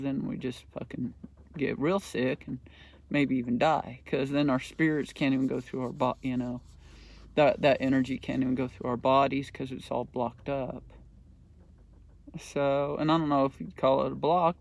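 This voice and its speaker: A man's voice: medium pitch, vocal fry. A middle-aged man hosting a podcast, telling a rambling story in a casual, profane monologue. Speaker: podcast host.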